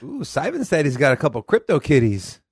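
Brief: Southern-accented man, podcast co-host, animated delivery, slightly high pitch, dry sound. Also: brisk, husky, no echo. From Texas. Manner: animated, swears casually, reads articles aloud. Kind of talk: casual podcast chat.

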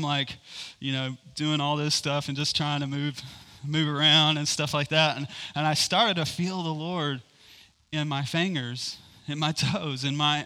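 A man's voice: a little high, pushed and bright. A man telling a rambling personal story in a sermon, with many fillers and frequent laughs. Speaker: preacher. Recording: hall reverb.

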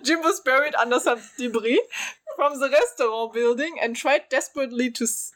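A woman's voice: high voice, brisk, fairly bright tone. A woman reading a story aloud with friends as narrator, chatty and giggly, stopping for jokes. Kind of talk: casual read-aloud with friends.

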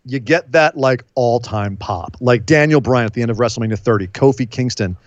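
A man's voice: mid-range voice, brisk, no room sound. Playful male co-host on a dull mic. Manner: teasing, playful, laughing. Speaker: podcast co-host. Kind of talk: casual chat.

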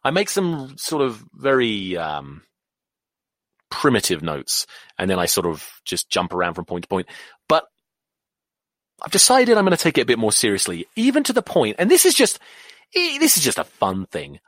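A man's voice: medium pitch, wildly swooping pitch, normal speed, a bit bright, no room sound. Sweary rambling English man, dry close mic. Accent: English, drifted toward American. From England. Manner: sweary, rambling, self-mocking. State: nauseous, queasy. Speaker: podcast host. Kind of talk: solo podcast rant.

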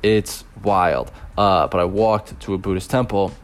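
Deep-voiced young man telling a rambling story. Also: a little slow. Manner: rambling, loose, with many fillers and chuckles. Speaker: teacher working abroad. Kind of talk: casual storytelling vlog.

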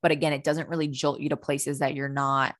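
A woman's voice: low voice, flat delivery, brisk, no room sound, clean studio sound. A young adult woman, a personal growth coach, talking through her thoughts in an earnest, rambling monologue with casual swearing.

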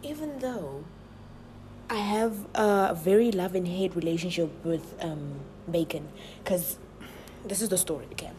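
A woman vlogging casually from her home kitchen, chatty and playful, her voice a little hoarse from yelling. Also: fairly low pitch, measured pace, slight background noise, rough recording. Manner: playful and chatty, talks straight to viewers. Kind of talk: casual cooking vlog chat.

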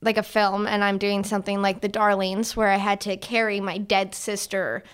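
Lively young woman in her twenties in a relaxed podcast chat, an actor who talks animatedly and acts out the people she quotes. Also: mid-range voice, normal speed, clear, resonant tone. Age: 20s. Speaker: actor guest.

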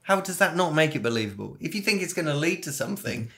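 A man's voice: fairly high pitch, sing-song, fast talker, fairly bright tone. A man co-hosting a casual comedy podcast, teasing and arguing with his co-host and swearing freely.

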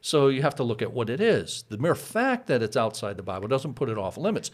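A man's voice: medium pitch, sing-song, brisk. A man who is a pastor, explaining church practice in a casual teaching chat, patient, with frequent chuckles.

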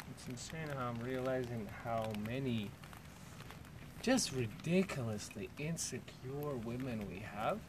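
A man's voice: medium pitch, heavy background noise. A man co-hosting a casual chat podcast, telling rambling stories full of swearing and laughs. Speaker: podcast co-host.

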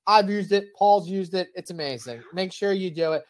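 A young man hosting a podcast, joking in casual banter and reading ads. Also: high voice. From Irish heritage. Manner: joking, quick banter with ad reads. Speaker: podcast host.

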